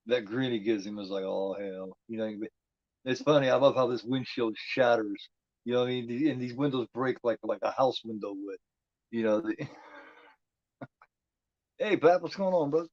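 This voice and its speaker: A man's voice: medium pitch, fairly even intonation, fairly quick, no echo, dull audio. A man giving casual, profane commentary while watching a movie, talking back at the screen.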